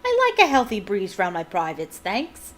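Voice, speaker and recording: A woman's voice: mid-range voice, huge pitch swings, normal speed, a bit bright. Lady voicing a cranky old wizard, indignant and stubborn, bouncy voice.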